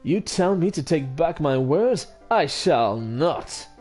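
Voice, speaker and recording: A man voicing a haughty aristocratic young male dove, speaking slowly and coldly. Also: a little high, expressive, a little mellow, faint music behind. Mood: disdainful. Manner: slow, cold, disdainful.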